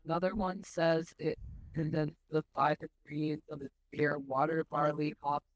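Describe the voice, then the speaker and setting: A woman, the assistant producer, reading facts aloud in a halting way. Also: low voice, little pitch movement, no room sound, poor audio.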